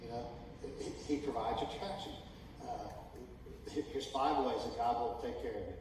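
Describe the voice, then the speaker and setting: Man preaching in an echoey hall. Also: medium pitch. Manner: builds from calm talk to loud, drawn-out shouting; folksy, emphatic preaching. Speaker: pastor. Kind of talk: sermon. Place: church sanctuary. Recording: echoey hall, distant mic, noisy.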